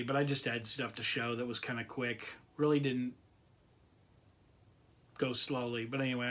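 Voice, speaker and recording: A man's voice: mid-range voice, pushed and bright. A man hosting his own collector video channel, chatting casually and enthusiastically to camera, repeating himself and laughing often.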